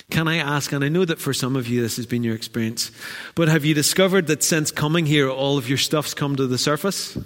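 A man preaching a sermon as pastor, animated and acting out the voices he quotes. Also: a little high, fairly quick. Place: church hall. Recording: church hall with long reverb.

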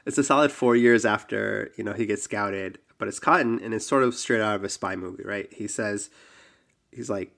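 A man's voice: on the low side, moderate pace, creaky. Laid-back man telling a story. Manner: relaxed storyteller, frequent ums and likes. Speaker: podcast host. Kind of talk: casual storytelling chat.

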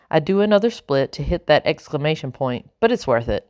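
A woman narrating a children's storybook in a calm, even reading voice. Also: low voice, fairly quick, few pauses, no echo, studio quality. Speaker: audiobook narrator.

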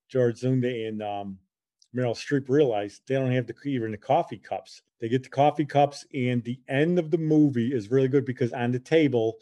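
A man in his sixties hosts a casual podcast monologue, chatty and rambling in a homespun way. His voice is mellow and warm, set at an ordinary middle pitch. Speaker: podcast host.

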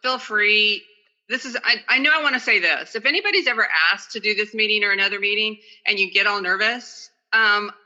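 Chatty fast woman sharing at a meeting, bright sharp voice, sounds like a dull phone video call. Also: mid-range voice. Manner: fast, chatty and self-deprecating. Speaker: recovery meeting speaker. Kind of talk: casual talk and reading aloud.

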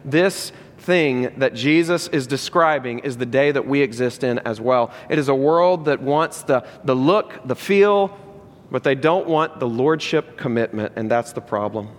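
A man's voice: medium pitch, a little slow, big-room sound. A man preaching a sermon as a pastor, emphatic and repetitive, asking the congregation rhetorical questions.

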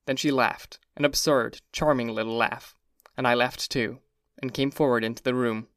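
A man giving a measured, even first-person reading of a classic novel. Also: medium pitch, no room sound, clean studio sound. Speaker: audiobook narrator. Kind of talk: scripted first-person narration.

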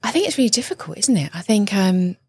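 A woman in her thirties with a British accent, speaking as an interview guest. She talks earnestly, leans on repeated phrases and tag questions, and her pitch sits in a middle range. The sound is dry and close, with no room echo. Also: very animated, quick pace, warm tone, husky. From Britain. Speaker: guest, relationship coach. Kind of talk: conversational interview.

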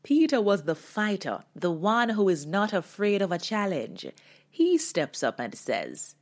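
A woman's voice: medium pitch, very animated, measured pace. A woman hosting a devotional talk, delivering her message with dramatic storytelling. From Jamaica. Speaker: host. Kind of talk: devotional sermon.

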